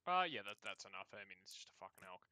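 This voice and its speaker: A man's voice: fairly low pitch, very animated, rapid-fire, sharp tone, clean tone. A man running a tabletop game as game master, making loose, joking, profane rulings.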